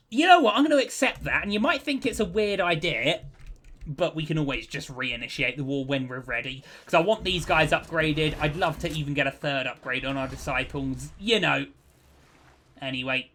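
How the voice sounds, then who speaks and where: A man's voice: fairly high pitch, sharp tone. A man giving cheerful, chatty commentary over his own strategy gameplay, thinking aloud as he plays. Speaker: let's play host.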